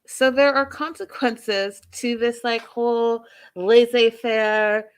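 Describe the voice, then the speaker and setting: A woman's voice: a little high, steady tone, slow pace, hardly any pauses, smooth. A woman hosting a reality TV recap and review. She talks with strong emphasis, repeating phrases and firing off rhetorical questions at her listeners. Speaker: host. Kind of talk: TV show recap and commentary.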